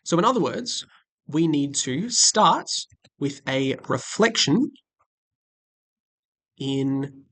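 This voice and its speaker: A man's voice: a little high, lively intonation, slow pace, long pauses, fairly bright tone. A man walking through a maths exam question step by step, friendly and chatty with frequent ums, recorded at a desk while drawing with a stylus. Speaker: maths teacher. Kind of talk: screen-recorded exam walkthrough. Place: indoors at a desk, webcam and tablet setup.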